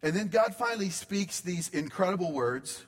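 A man's voice: high voice, animated. Man preaching in a reverberant church. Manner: conversational preaching with dramatic pauses. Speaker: pastor. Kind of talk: sermon.

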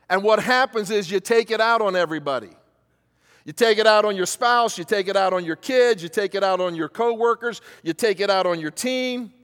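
The preacher's voice sits high with a fairly bright tone. Addressing his congregation in a sermon, he repeats key phrases for emphasis and poses questions for the crowd to call back, all within a long hall reverb.

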